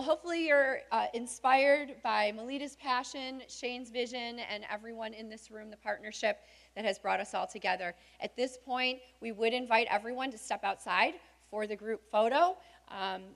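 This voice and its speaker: A woman emcee closing an event in a room, friendly and measured as she invites guests outside. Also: fairly high pitch. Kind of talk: closing announcements.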